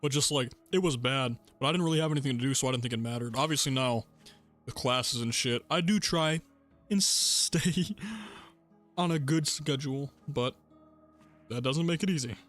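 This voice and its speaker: A young man streaming a game, chatting casually in a rambling, relaxed way and laughing often between thoughts. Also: mid-range voice, normal speed, soft background music. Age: young adult. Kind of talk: casual gaming livestream chat.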